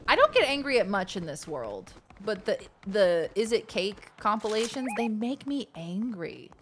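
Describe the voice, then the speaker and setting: A woman streamer rambles casually while she plays, jumping between topics and breaking into loud, excitable outbursts. Her pitch sits in a middle range for a woman. Steady background noise is clearly audible behind her voice. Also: moderate pace. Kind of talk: casual gaming stream chat.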